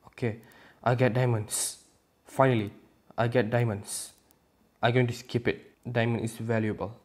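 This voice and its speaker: A man giving casual let's-play commentary in non-native, ungrammatical English, talking to himself with sudden loud outbursts. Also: mid-range voice. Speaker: gaming YouTuber.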